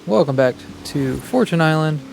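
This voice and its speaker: A man, the host of a gaming channel, giving relaxed gameplay commentary and thinking aloud as he plays. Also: fairly high pitch, moderate pace, gravelly, background noise. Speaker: gaming YouTuber.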